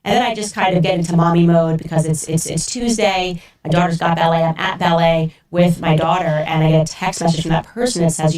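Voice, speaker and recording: A woman podcaster telling a story in an animated, incredulous way, acting out the voices she quotes. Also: on the low side, fairly quick, few pauses, recorded from a distance. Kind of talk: storytelling monologue.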